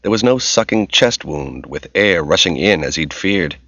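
A man giving steady, measured scripted narration of a novel, in a dull, lo-fi audiobook recording. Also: low voice, dry recording.

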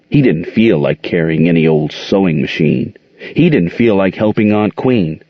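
A man narrating a children's story aloud with expressive storytelling. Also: low-pitched, dry recording. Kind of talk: audiobook narration. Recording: dull lo-fi recording.

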